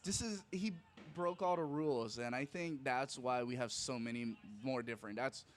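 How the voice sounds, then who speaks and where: A male stand-up comedian, a podcast guest, talking in a casual, earnest and excitable way, often repeating words as he starts a sentence. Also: medium pitch, moderate pace. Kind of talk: casual chat.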